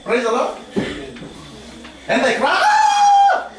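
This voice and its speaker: A male preacher giving an animated sermon, often calling out "amen?" and mixing in words of a local language. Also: very high-pitched, normal speed. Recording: echoey hall, from far off, faint ambience.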